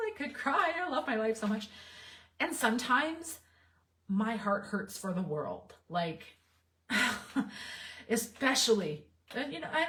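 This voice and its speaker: Heartfelt, reflective woman coach, slightly distant mic. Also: mid-range voice. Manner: heartfelt and reflective, with soft laughs and fillers. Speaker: relationship coach. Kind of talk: candid talk to camera.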